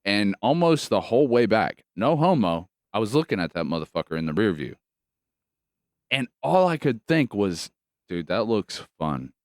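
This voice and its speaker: Male podcast co-host, profane and animated storyteller, low and smooth, dry close mic. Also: normal speed, no room sound. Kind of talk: casual chat.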